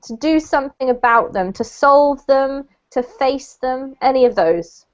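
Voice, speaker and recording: Woman english teacher on an online class, fairly high voice, patient, muffled lo-fi audio. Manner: patient, explains slowly, corrects pronunciation.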